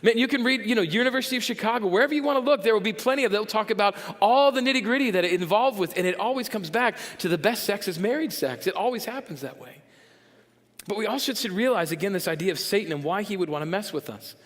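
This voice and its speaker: Animated pastor preaching in a reverberant church. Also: male voice, high-pitched, quick pace. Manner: animated, jokey, acts out voices of listeners. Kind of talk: sermon. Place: church sanctuary.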